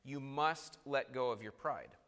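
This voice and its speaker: A man preaching a sermon, moving between quiet asides and emphatic bursts and acting out the voices of the people in his text. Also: mid-range voice, a little slow. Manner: acts out quoted voices, swings between soft and emphatic. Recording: long hall reverb.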